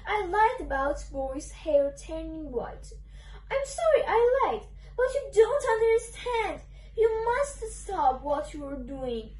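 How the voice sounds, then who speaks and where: A woman doing a squeaky, desperate storybook character. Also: big pitch swings, slow, a little mellow, recorded from a distance, full character voice. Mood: pleading. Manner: dramatic pleading, sobbing and bargaining. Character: desperate pleading storybook character, theatrical and whiny. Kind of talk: picture book read-aloud. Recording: roomy echo, away from mic.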